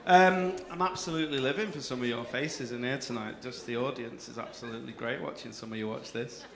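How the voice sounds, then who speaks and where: A man compering a comedy night, loud and teasing with the audience. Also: mid-range voice, fairly quick, creaky. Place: comedy club stage. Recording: roomy club with loud crowd noise.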